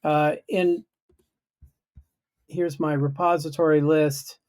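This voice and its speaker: A man's voice: on the high side, steady tone, takes it slowly, a little mellow. A man chatting casually on a video-call livestream, explaining his project in a self-deprecating way. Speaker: guest programmer.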